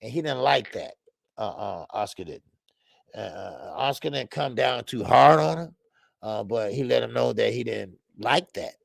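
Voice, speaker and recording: A man's voice: medium pitch, lively intonation, measured pace, vocal fry, no echo, studio quality. A man hosting a casual boxing livestream, chatting animatedly, laughing a lot and greeting his chat in profane slang. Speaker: boxing show host.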